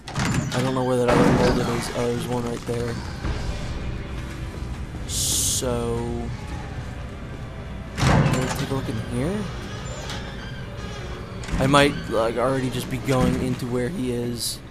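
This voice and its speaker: A man's voice: medium pitch, little pitch movement, slow pace, pauses often, loud music behind the voice. Rambling young man narrating gameplay. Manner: chatty, rambling with many fillers. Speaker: gameplay commentator. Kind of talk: casual let's play commentary.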